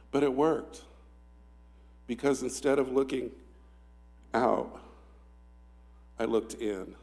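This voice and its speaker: A middle-aged man giving a memorial tribute to his mother, telling stories in a reflective, halting way that sometimes drops very soft. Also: mid-range voice, vocal fry. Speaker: son giving a eulogy.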